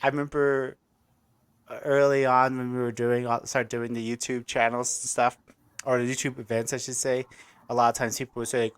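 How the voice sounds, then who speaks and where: A man's voice: mid-range voice, level tone, moderate pace, smooth. A man from Colorado hosting a casual live-streamed chat show, upbeat and chatty, laughing often. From Colorado, United States. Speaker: host.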